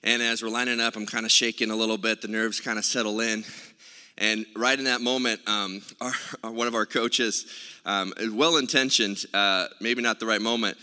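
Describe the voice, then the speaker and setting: A man's voice: lowish voice, fairly even intonation, moderate pace, pushed and bright, clear, resonant tone. A man preaching a sermon as pastor, telling a story in a conversational way with many filler sounds. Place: church sanctuary. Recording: reverberant church hall.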